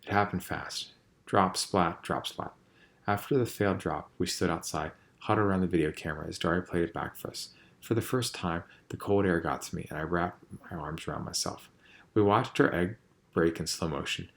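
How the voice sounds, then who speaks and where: A man reading a novel aloud in a measured, quiet storytelling manner. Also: low-pitched, gravelly. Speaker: audiobook reader.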